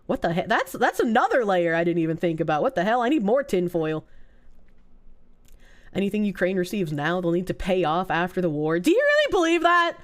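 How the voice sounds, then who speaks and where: A woman's voice: lowish voice, sing-song, a little fast. A woman from the United States who streams, chatting casually and sarcastically with her viewers and laughing often. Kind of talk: casual chat reacting to viewer comments.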